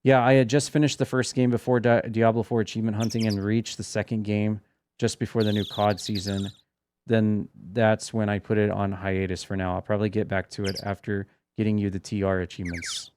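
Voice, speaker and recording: A man chatting casually about his gaming while playing, relaxed and offhand. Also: lowish voice, fairly quick, a little hiss or hum. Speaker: gaming streamer. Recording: game music behind the voice.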